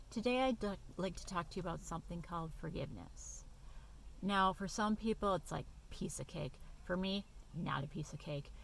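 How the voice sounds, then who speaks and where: A woman talking to camera in a chatty, emphatic way, with many fillers and restarts, sharing a personal story. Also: on the low side. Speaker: YouTube vlogger. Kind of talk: casual personal talk to camera.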